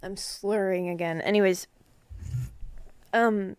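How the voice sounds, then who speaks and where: Young woman guest, mid-pitched, trailing "like"s, self-deprecating, dry close sound. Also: fairly even intonation, slow pace, a little mellow, clean tone, no room sound. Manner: self-mocking, trailing off with frequent "like". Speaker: podcast guest. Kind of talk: casual chat.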